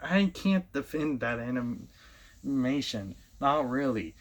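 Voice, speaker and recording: Man, casual rant, blunt, repetitive, restarts, mid-pitched voice. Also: expressive, unhurried. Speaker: show host giving opinions.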